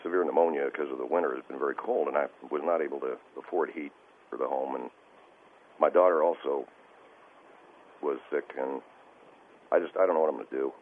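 A male caller on a radio show, talking in a halting, stammering and distressed way over the phone. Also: a bass voice. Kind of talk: call-in radio conversation. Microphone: telephone. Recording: tinny phone line with faint hiss.

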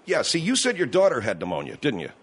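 A man's voice: medium pitch, huge pitch swings, quick pace, slight background noise. A male radio host questioning a caller in a probing, skeptical way. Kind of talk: call-in radio conversation.

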